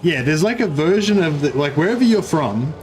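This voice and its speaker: A man's voice: fairly high pitch, very animated, brisk, darkish tone, a little hiss or hum. Rambling Australian man streaming. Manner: rambling, full of "like" fillers and restarts. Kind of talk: casual gaming livestream chat.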